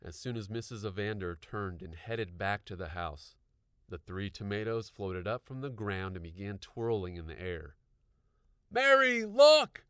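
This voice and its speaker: A man narrating an audiobook with expressive storytelling. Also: sits low, normal speed, clear, resonant tone, no echo, clean studio sound.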